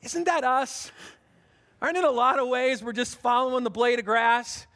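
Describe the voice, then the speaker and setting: A man's voice: very high voice, normal speed, sharp tone. A man, a pastor, preaching a conversational sermon in a church, with earnest talk and frequent restarts. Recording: long hall reverb.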